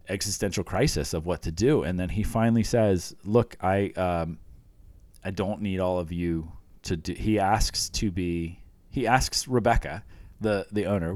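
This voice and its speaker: Deep-voiced rambling podcast man. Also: dry recording. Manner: rambling, lots of fillers and restarts, retells scenes with quoted lines. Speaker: podcast co-host. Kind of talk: casual chat recapping a TV show.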